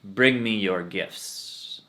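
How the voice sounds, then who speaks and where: A man playing an arrogant, proud male village guru who issues booming, haughty commands in a spoken story. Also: drawn-out words, bright, forceful tone, full character voice. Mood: haughty, angry.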